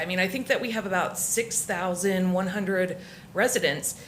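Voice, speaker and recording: Woman from Florida, resident comment, emotional and halting, faint hiss behind. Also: medium pitch. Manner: emotional, halting, many restarts. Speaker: resident speaking at public comment. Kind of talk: public comment at a council meeting.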